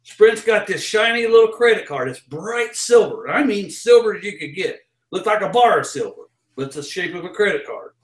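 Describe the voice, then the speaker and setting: Guest storyteller: man, high voice, lively delivery, echoey room. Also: normal speed. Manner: lively, acts out the quoted lines. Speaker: interview guest. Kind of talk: animated storytelling in a live interview.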